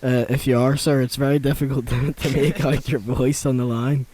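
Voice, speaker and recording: A man's voice: mid-range voice, little pitch movement, moderate pace, noisy background. A man co-hosting a casual call-in show, laid-back and politely amused. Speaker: co-host.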